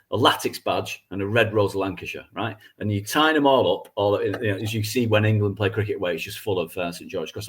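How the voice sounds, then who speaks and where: A man co-hosting a football fan podcast, telling excitable stories with laughter. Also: fairly low pitch, slightly rough. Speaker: podcast co-host. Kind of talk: casual chat, storytelling.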